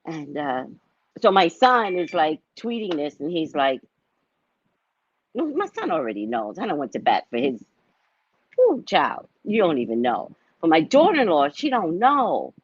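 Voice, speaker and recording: A woman in her fifties, a psychic reader, telling stories in a dramatic, animated way and speaking to her viewers like family on a casual livestream. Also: sits low, unhurried, slightly rough, dry recording, highs cut off. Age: 50s.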